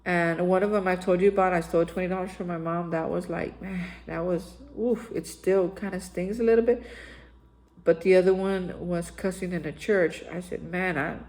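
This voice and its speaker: A woman's voice: on the low side, fairly even intonation, moderate pace, a little mellow, rough recording. A woman hosting daily recovery reflections, telling her own story in a candid, conversational way and speaking straight to her listeners.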